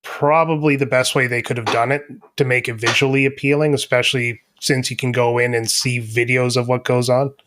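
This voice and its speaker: A man with a mid-range voice chats as a podcast guest, laid-back and quick to joke. He talks with plenty of ums and uhs. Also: mid-range voice, flat delivery, a bit bright. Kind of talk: casual chat.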